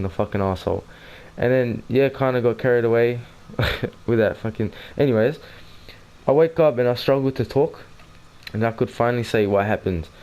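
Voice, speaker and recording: A teenage boy tells a story from his school days in a fairly low voice. He rambles, swears constantly and keeps breaking off to restart his sentences, all in a casual, offhand way. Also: darkish tone. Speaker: gaming channel host.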